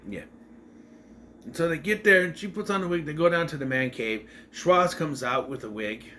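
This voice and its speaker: A man's voice: on the high side, normal speed, sharp tone, a little hiss or hum. A young man reviewing a TV episode in a casual, meandering way, often correcting himself as he talks. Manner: meandering, self-correcting, chatty. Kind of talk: casual rambling recap.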